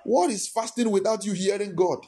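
A man preaches with fervor, firing off emphatic rhetorical questions at his congregation. His voice sits a touch high for a man and carries a husky, breathy grain. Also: brisk, warm tone. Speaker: pastor. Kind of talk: sermon.

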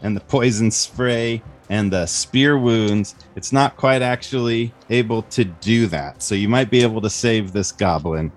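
A man's voice: lowish voice, unhurried, few pauses. A man narrating as game master in a casual, friendly way, with frequent fillers. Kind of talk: narrating a family tabletop game.

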